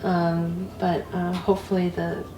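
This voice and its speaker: A woman fighting a cold tells her story in a relaxed, chatty way, breaking into laughter and lively asides. She sits some distance from the microphone in a room that echoes, with faint noise behind her. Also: lowish voice, measured pace. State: sick with a cold. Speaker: interview guest, walker. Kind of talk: casual storytelling.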